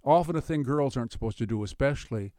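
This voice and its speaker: Halting, animated male storyteller. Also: medium pitch, dry recording, clean studio sound. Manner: halting, restarts, animated when telling. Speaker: storyteller guest. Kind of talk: interview with told stories.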